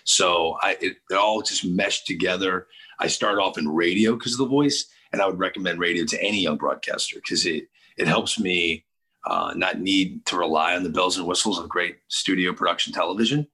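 A man in his forties from St. Louis, a sports TV host telling lively stories in a casual interview and acting out the people he quotes. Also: sits low, moderate pace, husky. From St. Louis, USA. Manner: lively storyteller who acts out quoted people.

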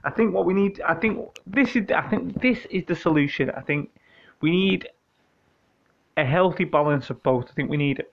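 A man's voice: fairly high pitch, normal speed, gravelly, highs cut off. A British man hosting a casual monologue, answering listener questions in a joking, profane, meandering way with lots of restarts. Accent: British English.

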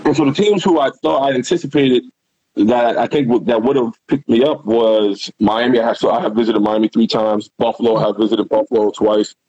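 In a medium-pitched voice and at a brisk clip, a middle-aged man who used to play football rambles through an animated story as a guest, cursing freely. The audio is dull, with no echo.

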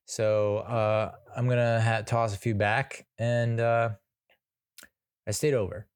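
A man's voice: mid-range voice, little pitch movement, slow, clear, resonant tone. An American man hosting a casual solo podcast, telling stories in a chatty, self-mocking way. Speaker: podcast host.

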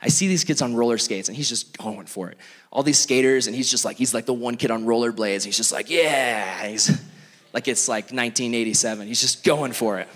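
Animated young pastor in a reverberant hall. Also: male voice, mid-range voice, brisk. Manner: animated, self-mocking, full of "like". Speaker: youth pastor. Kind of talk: storytelling sermon. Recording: long reverb of a large hall.

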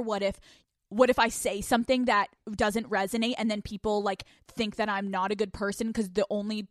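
A young woman hosting a podcast from a couch at home, telling stories in casual, animated chat full of swearing. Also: mid-range voice, normal speed, no room sound, studio quality. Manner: animated, profane, storytelling. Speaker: podcast host.

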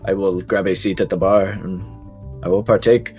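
A man playing a tabletop game, talking in a hesitant, halting way with many fillers. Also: sits low, fairly even intonation, darkish tone, soft background music. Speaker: player.

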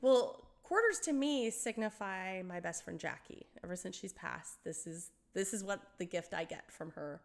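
A middle-aged woman telling a story in casual chat, animated, acting out quoted voices, laughing often and swearing. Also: medium pitch, normal speed, creaky, few pauses.

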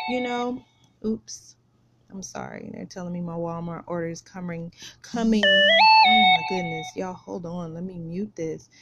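A woman's voice: mid-range voice, a bit bright, a little hiss or hum. A middle-aged woman hosting a podcast, talking through a personal story and a faith lesson with emphatic repetition. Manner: emphatic, repeats phrases. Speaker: podcast host. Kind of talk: casual faith talk.

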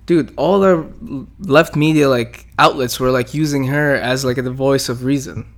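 A man's voice: medium pitch, moderate pace. Rambling, joking young man on a podcast. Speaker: podcast co-host. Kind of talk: casual profane banter.

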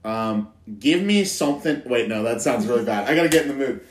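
A man's voice: mid-range voice, fast, roomy sound. A young man from Idaho co-hosting a podcast, chatting casually and teasing his partner with silly voices. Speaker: podcast co-host. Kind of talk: casual chat.

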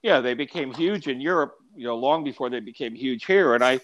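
Male guest, halting casual talker, dull lo-fi audio. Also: medium pitch, slight background noise. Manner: hesitant, repeats words. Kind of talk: casual conversation. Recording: dull lo-fi sound.

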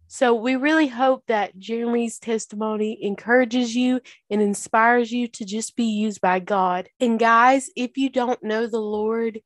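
A woman's voice: medium pitch, no room sound, clean studio sound. A woman hosting a faith podcast who speaks earnestly and encouragingly to her listeners. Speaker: podcast host. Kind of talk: casual podcast wrap-up.

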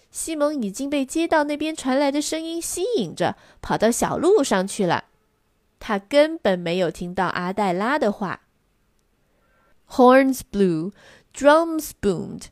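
Woman storyteller, animated bilingual read-aloud, dry close mic. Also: mid-range voice, no echo. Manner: expressive, lively storybook reading. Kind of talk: bilingual children's story reading.

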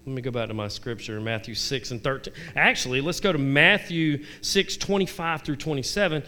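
A man's voice: medium pitch, a little fast, hardly any pauses, pushed and bright. A married man giving a casual devotional talk. He reads scripture aloud and makes candid, self-deprecating asides and direct questions to his listeners. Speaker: devotional vlogger.

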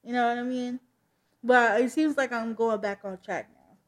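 A woman's voice: fairly high pitch, steady tone, normal speed. A woman reading a comic aloud and chatting casually about the story, laughing at it. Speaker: comic book reader. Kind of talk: casual read-along commentary.

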